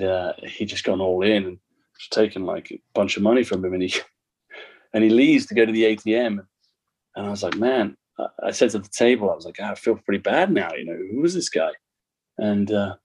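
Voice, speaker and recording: A man's voice: fairly low pitch, darkish tone, slightly rough. A man on a podcast casually telling a poker story, loose and profane, with self-mocking humor. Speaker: podcast guest, former band member.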